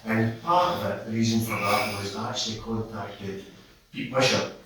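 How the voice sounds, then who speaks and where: A man's voice: on the low side, steady tone, normal speed, fairly bright tone. A middle-aged man with a Scottish accent, speaking passionately at a public meeting, rambling and restarting as he tells his story. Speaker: audience member at a public meeting. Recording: echoey hall, distant mic.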